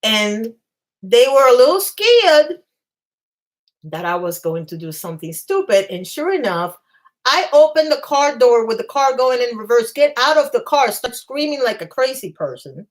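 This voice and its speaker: Female host, casual storyteller, animated and self-deprecating, a touch high. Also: moderate pace. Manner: animated, self-mocking, laughs at herself. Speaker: channel host. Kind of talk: casual storytelling to live chat.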